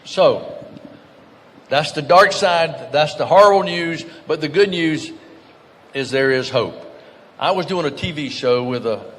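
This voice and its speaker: A man giving an earnest conference speech, telling stories and dropping to soft, grave tones. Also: on the high side, lively intonation, a little slow. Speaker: guest speaker. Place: conference hall. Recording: reverberant hall, faint background noise.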